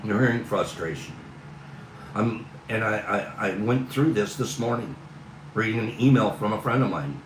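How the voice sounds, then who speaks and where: A man's voice: fairly low pitch, lively intonation, moderate pace, echoey room, recorded from a distance, noisy background. A man hosting a livestream, talking in a casual, earnest, rambling way. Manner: earnest, rambling, talks through frustration. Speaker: livestream host.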